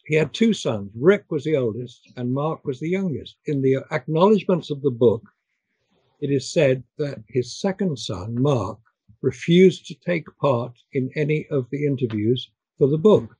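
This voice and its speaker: An older man chatting on a discussion call, pausing and repeating words as he talks. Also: medium pitch, animated, warm tone, slightly rough, no echo, poor audio. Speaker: guest. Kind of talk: casual chat.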